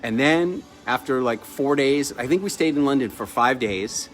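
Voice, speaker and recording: Chatty man telling a lively story. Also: mid-range voice, moderate pace, soft background music. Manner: chatty, lively anecdotal delivery with laughs. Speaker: entrepreneur telling a personal story. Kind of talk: casual storytelling.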